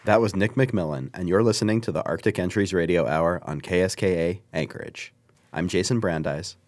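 A man hosting a radio show, calmly reading scripted introductions in a studio. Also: deep voice, moderate pace, some chatter behind. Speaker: radio host.

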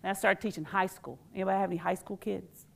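Animated woman leading a workshop. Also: mid-range voice, fast talker, gravelly. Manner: animated, quizzes the audience and leads call-and-response. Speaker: educator and workshop speaker. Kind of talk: lively workshop talk to a live audience.

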